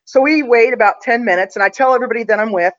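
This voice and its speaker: A woman's voice: fairly high pitch, racing. Chatty woman telling a story, muffled. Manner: chatty, confident, full of fillers. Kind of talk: casual storytelling.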